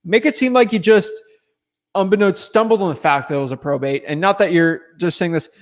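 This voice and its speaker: A man answering viewer questions in a relaxed, chatty livestream, talking loosely with lots of filler words. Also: high voice, fairly quick. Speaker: real estate wholesaler answering viewer questions. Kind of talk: casual livestream chat.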